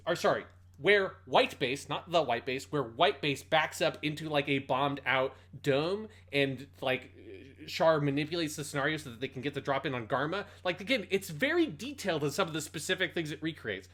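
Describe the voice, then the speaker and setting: Animated, lively-pitched male podcaster. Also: normal speed. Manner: animated, swearing, laughing storyteller. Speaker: podcast co-host. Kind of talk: casual chat.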